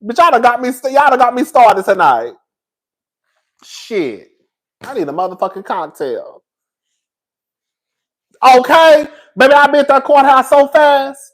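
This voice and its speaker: A man's voice: very high voice, sing-song, a little slow, pauses often, a bit bright. A man hosting a livestream of gossip commentary, talking in sassy, profane, hollering rants straight to his viewers. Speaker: YouTube commentator.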